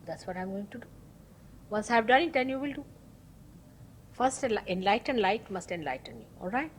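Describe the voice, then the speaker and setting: A woman's voice: mid-range voice, lively intonation, fairly quick, slight background noise, low-quality recording. A woman, a spiritual teacher, giving an informal talk, telling a story emphatically and acting out the voices of the people in it. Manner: storytelling, acts out quoted dialogue; emphatic, repeats key words.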